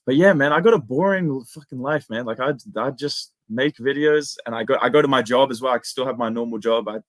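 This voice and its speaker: A man's voice: mid-range voice, a little fast, no room sound. Laid-back young Australian man. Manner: laid-back, slangy, lots of "dude" and "man". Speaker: guest, MMA impressionist. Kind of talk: casual interview chat.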